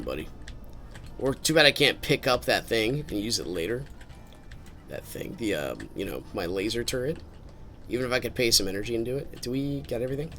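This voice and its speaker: A man's voice: mid-range voice, fairly bright tone. A man streaming a game with casual commentary, rambling and thinking aloud as he drifts into musings.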